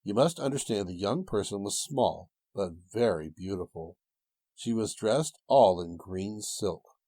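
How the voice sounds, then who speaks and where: A man reading a storybook tale aloud with a gentle, old-fashioned storytelling cadence and a husky voice. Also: fairly low pitch, lively intonation, a little slow, dry recording. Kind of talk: storybook narration.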